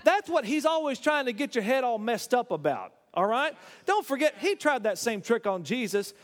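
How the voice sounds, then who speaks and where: A man's voice: very high voice, very animated, moderate pace, big-room sound. A man preaching a sermon, telling stories with emphatic stammered restarts. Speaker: pastor.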